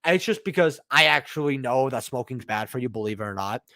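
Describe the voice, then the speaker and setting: This livestream host is a young man whose mid-range voice comes across expressive, fairly quick, and sharp. He rambles casually, swearing, using slang, and calling people "bro," and the studio-quality recording has no echo.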